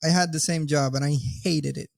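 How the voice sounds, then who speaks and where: Woman podcast host, deep voice, brief reactive questions, dry recording. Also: steady tone, a little fast, creaky, a little mellow, dry recording. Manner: short reactive interjections and questions. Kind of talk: casual interview chat.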